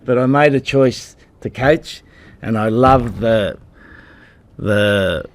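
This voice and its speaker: A man's voice: mid-range voice, slow. A man in his sixties from Australia, a rugby head coach answering at a press conference in a blunt, combative way, calling people mate.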